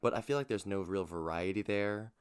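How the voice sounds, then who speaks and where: A young man with a very deep, low voice co-hosts a casual podcast. He lays out his opinions earnestly and step by step, often restarting mid-sentence. The tone is friendly and conversational. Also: a little fast, clear, resonant tone. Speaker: podcast co-host. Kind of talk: casual chat.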